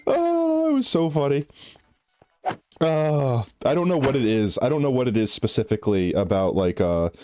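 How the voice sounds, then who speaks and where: A man's voice: mid-range voice, big pitch swings, moderate pace, warm tone. A male streamer chatting casually with his viewers while gaming, rambling, restarting his sentences and breaking into giggles. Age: adult.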